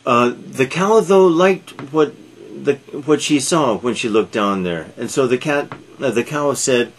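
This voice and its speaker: Slow, halting male storyteller. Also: mid-range voice, animated. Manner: halting, with frequent fillers. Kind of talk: read-aloud storytelling.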